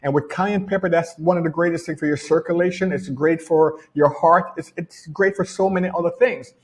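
A little fast and steady in tone, a middle-aged Jamaican man's higher-leaning voice carries a casual motivational talk. He works as a personal development coach and repeats key phrases to hammer them home, speaking from home as rain falls.

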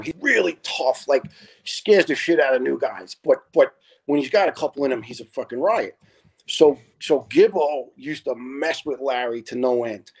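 A retired fire lieutenant in his fifties, appearing as a podcast guest, tells animated, profane stories in casual conversation. He laughs often, restarts his sentences, and speaks at a medium pitch.

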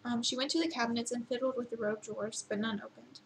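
A woman reading a novel aloud at an unhurried pace, with occasional slips and restarts. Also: fairly high pitch, fairly even intonation, a little hiss or hum, low-quality recording. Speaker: reader.

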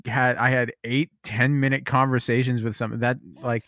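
A man with a mid-pitched voice, co-hosting a podcast. He talks in a meandering, hesitant way, reading bits aloud and reacting to them. The recording is dry and close, with no room sound. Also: flat delivery, normal speed, fairly bright tone, no room sound. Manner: meandering, hesitant, reads passages aloud and comments. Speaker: podcast co-host. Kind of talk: casual podcast chat.

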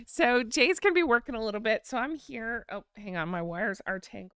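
A woman's voice: on the high side, fairly quick, fairly bright tone, smooth, dry recording, studio quality. A woman hosting a casual live stream, reading out viewer comments and thanking them by name in a chatty way. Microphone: desk microphone.

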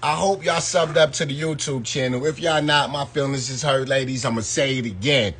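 A man's voice: medium pitch, steady tone, moderate pace, fairly bright tone, a little hiss or hum. A man giving loose, slangy live-stream commentary and talking straight to his viewers. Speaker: YouTube commentator.

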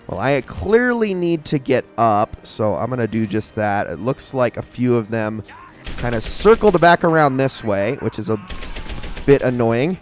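A young man giving casual, excitable commentary while playing a shooter game, talking to himself and the enemies. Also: medium pitch, a little slow, soft background music. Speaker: gaming channel host.

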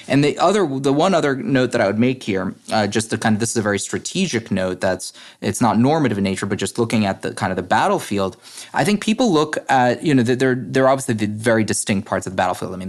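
Man guest on a podcast, mid pitch, lots of ums and restarts, analytical. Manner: analytical, brisk, frequent fillers and restarts. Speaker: guest, head of a democracy advocacy group. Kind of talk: podcast interview.

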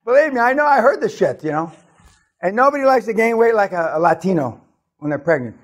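A man giving an aggressive, profane seminar rant, berating his audience and shouting often. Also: high voice, very animated, fast talker. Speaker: business seminar speaker.

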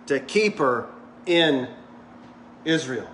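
A man's voice: mid-range voice, expressive, very slow, pauses often, a bit bright, a little hiss or hum. A male pastor preaching a sermon in a church, conversational and full of jokes. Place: church sanctuary. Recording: echoey church hall.

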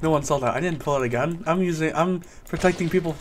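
A man with a fairly high voice runs casual, jokey gameplay commentary, slipping into mock-serious lectures aimed at other players. Faint keyboard clatter sits softly behind him. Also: quick pace, a little hiss or hum. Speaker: gaming YouTuber.

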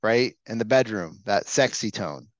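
A man's voice: lowish voice, animated, normal speed, no room sound, muffled recording. Casual man coaching a training room. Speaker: real estate sales trainer. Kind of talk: live training session talk.

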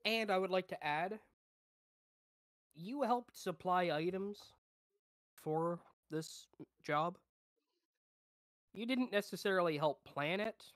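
A woman speaking in character in a tabletop game, firmly making her point. Her pitch moves a lot as she talks. The sound is dry and close. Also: dry recording. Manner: assertive, reasoning. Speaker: player. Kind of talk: in-character tabletop role-play.

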